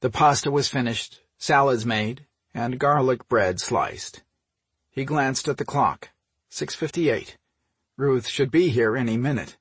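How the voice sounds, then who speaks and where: Husky male audiobook narrator. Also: mid-range voice, unhurried, a bit bright, dry recording. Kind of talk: scripted narration.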